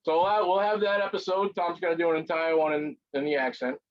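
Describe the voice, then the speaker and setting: A man's voice: fairly high pitch, steady tone, fast. A man co-hosting a podcast in casual chat, reacting with eager laughs and short enthusiastic replies. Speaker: podcast co-host. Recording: dull lo-fi sound.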